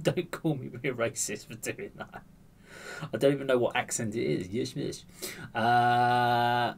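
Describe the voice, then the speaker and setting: A man hosts a casual music reaction, weighing up the mix and tone as he goes. He speaks in a mid-range voice, pausing often and restarting sentences while he thinks aloud. His manner is chatty and a little self-deprecating. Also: medium pitch, fairly bright tone. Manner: hesitant, thinking aloud with many fillers and restarts. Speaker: music reaction channel host.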